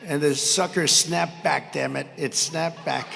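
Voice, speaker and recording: A man in his seventies giving a rambling campaign rally speech at a podium microphone, brash and mocking, shouting some lines. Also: a little high, fairly even intonation, unhurried, gravelly. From United States. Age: 70s. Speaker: political candidate at a rally. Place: large arena. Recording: reverberant arena with faint crowd noise.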